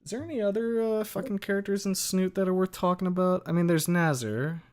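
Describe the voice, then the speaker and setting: A man's voice: high voice, a little fast. A man hosting a casual video-game chat, talking thoughtfully and hesitantly with many filler words. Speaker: podcast host.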